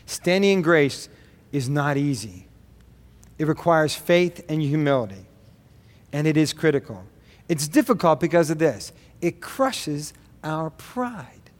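A man's voice: on the high side, big pitch swings. Earnest preaching man in a reverberant gym. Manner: earnest, preachy, with quick asides. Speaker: pastor. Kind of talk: sermon.

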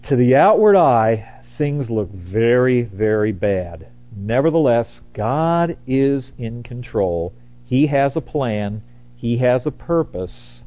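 An older man preaching a sermon in a relaxed, rambling way, correcting himself and adding asides. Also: medium pitch, takes it slowly. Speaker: pastor. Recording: tinny phone-like audio.

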